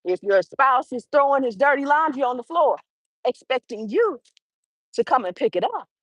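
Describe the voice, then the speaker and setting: A woman's voice: sits high, normal speed, no echo, poor audio. A woman hosting a live motivational talk while out on a walk, acting out little everyday dialogues as she speaks. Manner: animated, acts out little dialogues. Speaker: livestream host. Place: outdoors on a walk.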